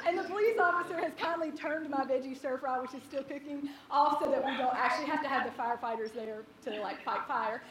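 A young woman telling a funny personal story to a live audience, animated and laughing as she acts out the people in it. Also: high-pitched, quick pace, few pauses, a loud crowd. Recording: echoey hall, distant mic, audience.

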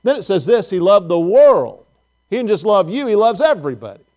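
Folksy high-voiced preacher. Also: male voice, sing-song, fairly quick, darkish tone. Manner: folksy, asks the congregation questions. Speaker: pastor. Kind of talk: conversational sermon.

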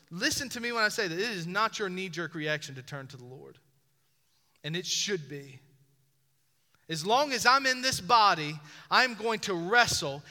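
High bright-voiced guy preaching, repeats stuff for punch, long reverb like a big church hall. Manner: preaching with rising emphasis and repeated phrases. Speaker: pastor. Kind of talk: sermon.

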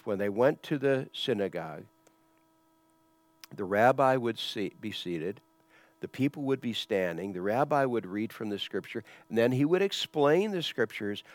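A man's voice: medium pitch, no room sound. Man preaching a conversational sermon. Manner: conversational teaching, asks rhetorical questions. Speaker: pastor. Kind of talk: expository sermon.

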